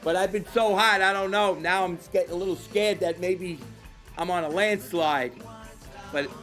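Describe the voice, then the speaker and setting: A man's voice: high voice, moderate pace, a bit bright, faint music behind. A man hosting a local TV sports picks show, brash and rambling, calling out to viewers as he goes. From Staten Island, New York. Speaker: TV host. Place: local TV studio.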